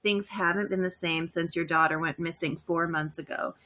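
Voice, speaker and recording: A woman's voice: lowish voice, fairly even intonation, moderate pace, sharp tone. A woman leading comedy improv scenes, giggly and teasing. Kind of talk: laughing comedy banter.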